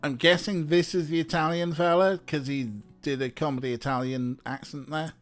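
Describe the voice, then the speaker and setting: A man's voice: fairly high pitch, fairly even intonation, moderate pace, faint music behind. A man hosting a let's play, joking and thinking aloud as he plays an adventure game. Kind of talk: casual gaming commentary.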